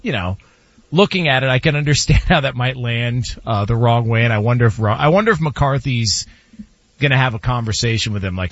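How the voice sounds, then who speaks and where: Animated laughing man on sports radio. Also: medium pitch, brisk, dry recording, highs cut off. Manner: laughing storyteller, shouts when imitating. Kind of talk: casual sports talk.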